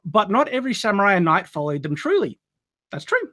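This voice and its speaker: Higher-voiced man hosting a live stream. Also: very animated, quick pace, pushed and bright. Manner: upbeat, laughs often, reads donations aloud. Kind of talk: casual live stream chat.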